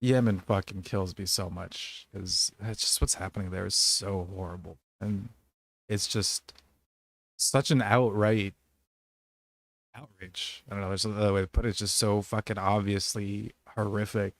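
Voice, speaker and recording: A man's voice: fairly low pitch, steady tone, moderate pace, creaky, no room sound. Heated, profane man ranting. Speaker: podcast host. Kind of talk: casual political chat.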